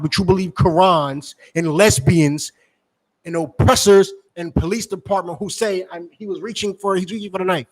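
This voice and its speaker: A street preacher, talking in a forceful, scolding rhythm. His voice sits slightly high, and he keeps circling back to the same lines.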